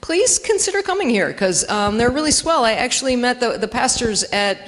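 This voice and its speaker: A woman on stage in a reverberant church hall delivers chatty, self-mocking stand-up, her fairly high voice lively in intonation and moderate in pace. She performs the dialogue in funny voices, and it's recorded live.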